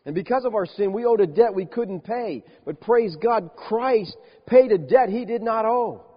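A man preaching a sermon, emphatic, slowing down and dropping soft on key words. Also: high-pitched, lively intonation, slightly rough. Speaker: pastor. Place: church sanctuary. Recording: dull lo-fi church recording with long reverb.

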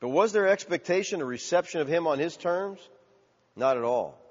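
A man preaching a sermon, asking the congregation questions and building to loud cries. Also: fairly high pitch, lively intonation, normal speed. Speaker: pastor. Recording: dull sound with long hall reverb.

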